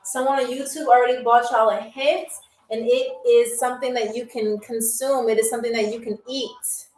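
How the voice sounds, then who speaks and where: A woman hosting a live-streamed trivia game. She is chatty and playful, and she repeats foreign words slowly for her viewers. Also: fairly high pitch, steady tone, darkish tone. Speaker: game show host. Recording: echoey room, distant from mic, faint music.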